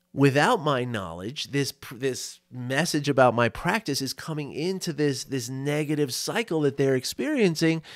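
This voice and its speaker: A man's voice: fairly high pitch, no room sound, clean studio sound. A man coaching on a solo podcast, talking casually and often checking in with "right?" and small laughs.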